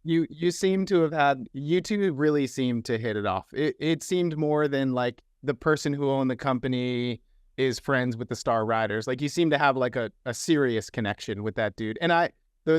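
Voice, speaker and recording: A middle-aged man co-hosts a podcast in a relaxed, loose way, with slang, swearing and stop-start phrasing. His voice sits mid-range and is recorded close and dry. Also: medium pitch, dry recording. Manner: laid-back, slangy, swears, halting restarts. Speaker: podcast co-host, editor. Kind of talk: casual podcast chat.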